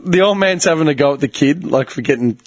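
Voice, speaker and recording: Animated Australian man, lively and swearing. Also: a little high, quick pace, no echo. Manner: animated storyteller, swears a lot, bursts of laughter. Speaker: podcast host. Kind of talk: casual chat.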